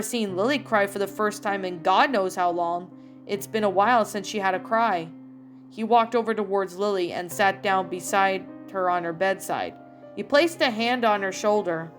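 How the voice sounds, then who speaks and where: A woman reading her own fan fiction aloud, steady with small self-corrections. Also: mid-range voice. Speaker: fan fiction author and reader. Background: faint music.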